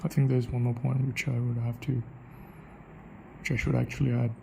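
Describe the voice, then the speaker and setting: A man summing up his thoughts in a casual spoken way, musing aloud with halting pauses and questions to himself. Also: medium pitch, flat delivery, gravelly, darkish tone, slight background noise, low-quality recording. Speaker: channel host.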